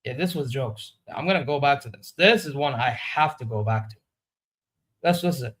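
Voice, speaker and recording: A man's voice: mid-range voice, animated, normal speed, a bit bright. A man hosting a wrestling reaction vlog, giving candid, opinionated, rambling commentary. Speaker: wrestling reaction channel host.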